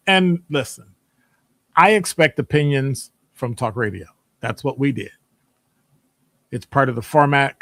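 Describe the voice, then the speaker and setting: A man's voice: mid-range voice, dry recording. A middle-aged man hosting a live stream, chatting casually and greeting viewers by name. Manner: greets chat viewers by name, lively rises. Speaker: host of a live stream show.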